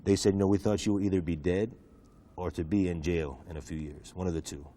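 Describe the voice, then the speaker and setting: A man from the United States telling a personal story in a relaxed, chatty interview, with many asides and restarts. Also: low-pitched, brisk. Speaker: guest preacher telling his conversion story.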